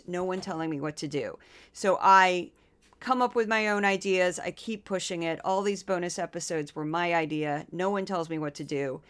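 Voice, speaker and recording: A woman from Missouri hosting a podcast, talking casually with quick asides and then reading a scripted narration. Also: on the low side, fairly bright tone, smooth. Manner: chatty, quick asides, playful impressions. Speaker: podcast host.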